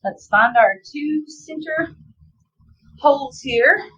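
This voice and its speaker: A woman's voice: high-pitched, expressive, slow, bright, forceful tone, low-quality recording. A woman with a Southern US accent, chatting casually and teasing herself while teaching a craft step by step. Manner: chatty, self-teasing, talks to viewers as "y'all". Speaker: craft instructor.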